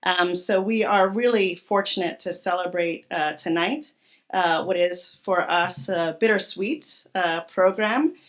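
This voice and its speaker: A woman's voice: on the low side, a little slow. A woman, a native Spanish speaker, gives a formal introduction at an academic event, reading speaker bios with small self-corrections. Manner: self-deprecating, reads bios with small slips. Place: lecture hall.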